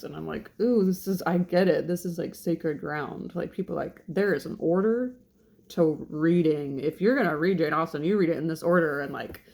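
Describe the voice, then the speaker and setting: A woman's voice: fairly low pitch, a little mellow. Chatty woman in her late thirties. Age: 30s. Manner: chatty and rambling, self-deprecating, frequent laughs. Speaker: channel host. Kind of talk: casual vlog intro. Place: home kitchen.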